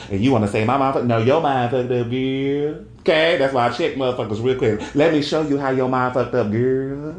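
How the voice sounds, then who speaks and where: A man holds forth in a loud, profane monologue, breaking into laughter and tossing "okay?" after his points. His voice sits at a middling pitch. The room around him is roomy and echoey. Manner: brash, profane, emphatic; jumps into high falsetto for quoted bits. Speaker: podcaster. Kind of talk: casual monologue rant. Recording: roomy echo.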